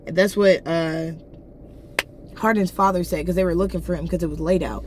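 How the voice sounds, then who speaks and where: A woman casually retelling a novel's plot, slangy and blunt, jumping into characters' lines with quick voice changes. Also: fairly low pitch, slight background noise. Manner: animated, acts out characters' lines in quick voice shifts; slangy, blunt asides and swearing. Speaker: book reviewer.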